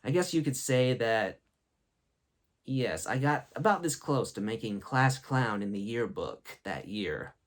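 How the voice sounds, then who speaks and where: A man's voice: medium pitch, lively intonation, measured pace. A young man hosting a show, telling funny school stories and laughing at his own jokes. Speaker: host. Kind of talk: comedic storytelling.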